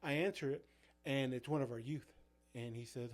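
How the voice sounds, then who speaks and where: A man chats casually as a youth pastor, telling van stories from ministry trips. His delivery rambles, packed with fillers and false starts, in a mid-pitched everyday voice. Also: moderate pace. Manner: rambling, full of fillers and restarts. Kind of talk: casual storytelling chat.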